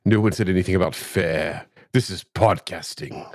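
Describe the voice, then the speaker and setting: A man's voice: low voice, moderate pace, a little mellow, lightly acted. A man playing a smug, bossy male demon who owns and produces a comedy podcast.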